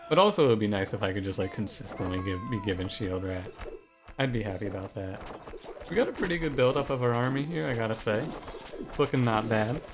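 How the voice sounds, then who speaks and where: Male game commentator with a lowish voice, loose and jokey, tends to restart sentences, music under him. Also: animated, fast talker. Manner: rambling, jokey, self-interrupting. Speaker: gaming commentator. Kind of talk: casual gameplay commentary. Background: background music.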